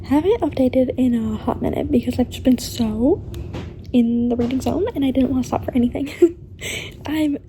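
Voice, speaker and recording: A young woman vlogging about books she is reading, chatty and animated, often slipping into a whisper. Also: high voice, normal speed, a little hiss or hum. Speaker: book vlogger. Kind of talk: casual reading vlog. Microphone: camera facing the speaker.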